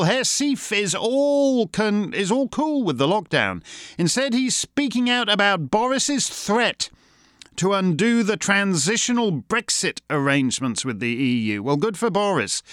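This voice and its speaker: A man's voice: high-pitched, fairly bright tone, no echo, clean studio sound. A man hosting a satirical monologue, sardonic and mocking in manner. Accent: Canadian. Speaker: host.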